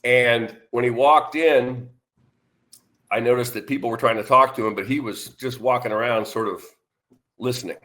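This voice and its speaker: A man's voice: mid-range voice, steady tone, moderate pace, sharp tone. An older man, a retired musician, tells his stories loosely as an interview guest. He rambles, trips over his own sentences and starts them again, and shows no hurry. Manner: rambling, many restarts, acts out quoted voices. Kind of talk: casual interview storytelling.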